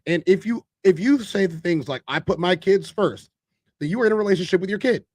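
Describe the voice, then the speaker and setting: A man's voice: sits high, brisk, no echo, clean studio sound. A man hosting a livestream who reads viewer chat aloud and then lays out firm opinions on family roles. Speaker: livestream host. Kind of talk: casual livestream commentary.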